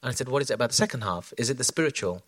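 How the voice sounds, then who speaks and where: A man's voice: mid-range voice, animated, very fast, a bit bright, no room sound. Guy musing about his work, lots of ums and restarts, dry close mic. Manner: reflective, many fillers and restarts. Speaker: choreographer guest. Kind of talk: onstage conversation.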